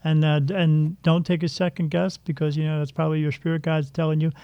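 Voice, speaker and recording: A man with a slightly high, gravelly voice hosts a spiritual podcast in loose, jokey chat. He rambles and leans on filler words. The recording is dry and a bit dull, as if through a lo-fi mic. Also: level tone, fast, dark tone, no room sound. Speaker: podcast host. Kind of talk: casual chat. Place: Delaware.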